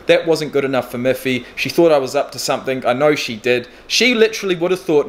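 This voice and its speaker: A man's voice: on the high side, lively intonation, fast talker, few pauses. A man of thirty talking bluntly and candidly in a casual video diary, swearing freely. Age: 30s. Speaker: vlogger. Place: indoors in a furnished flat.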